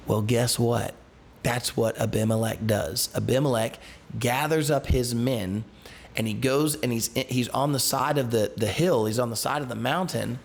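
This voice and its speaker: A male pastor at home, taking a Bible study group through a passage. His mid-range voice has a gravelly edge. He reads the verses and then explains them in a relaxed, conversational way, full of asides and restarts. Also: mid-range voice, moderate pace. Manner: reads scripture, then retells it in casual everyday words.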